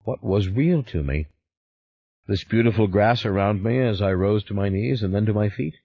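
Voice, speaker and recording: Husky, low-voiced man reading an audiobook. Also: normal speed, muffled recording. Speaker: audiobook narrator. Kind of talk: first-person audiobook narration.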